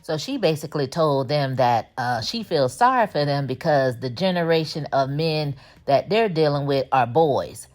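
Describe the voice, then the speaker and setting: A woman's voice: deep voice, expressive, moderate pace, a little mellow. A woman hosting a casual, opinionated TV episode recap, chatting and laughing as she retells the plot.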